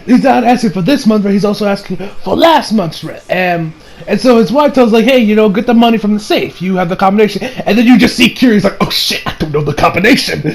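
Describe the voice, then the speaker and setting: A man's voice: sits high, quick pace, darkish tone, slight background noise, poor audio. A man giving a casual recap of an anime episode. He rambles and keeps correcting himself. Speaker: anime reviewer.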